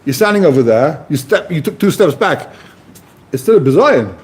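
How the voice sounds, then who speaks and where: A man with a Yeshivish English accent teaching a Talmud class, casual and animated, often asking rhetorical questions. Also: on the high side, moderate pace, slightly rough. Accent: Yeshivish English with Hebrew-Aramaic terms.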